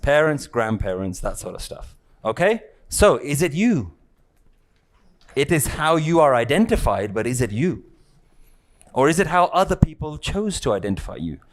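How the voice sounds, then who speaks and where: A man's voice: a little high, very animated, normal speed. A man teaching a spiritual lesson to a live audience, talking casually, teasing and checking in often. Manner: conversational, teasing, keeps checking in with "yeah?" and "right?".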